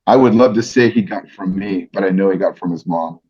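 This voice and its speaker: A man's voice: low-pitched, a little fast, husky. A middle-aged man, a podcast guest, telling stories earnestly and reflectively with many restarts. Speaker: podcast guest, fight announcer. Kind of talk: casual interview storytelling. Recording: dull lo-fi podcast audio.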